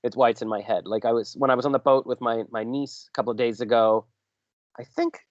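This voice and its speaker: With a quick pace and a steady, mid-range voice, this male podcast host tells long, meandering stories during an interview, often cutting himself off. The sound is dull, dry and lo-fi.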